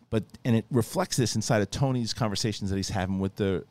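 Man, low-pitched, casual podcast talker; rambling, profane storyteller who voices the characters he quotes. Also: fast, few pauses. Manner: animated storytelling, acts out quoted lines in a raised voice; profane, rambling with many restarts. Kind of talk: casual chat.

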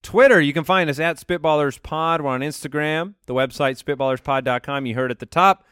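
An upbeat man hosts a podcast in easy, joking banter, his voice sitting a little high. The sound is dry and close, with no room in it. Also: fairly quick, fairly bright tone, clear, resonant tone, dry recording. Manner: upbeat, runs the show and reads listener questions. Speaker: podcast host.

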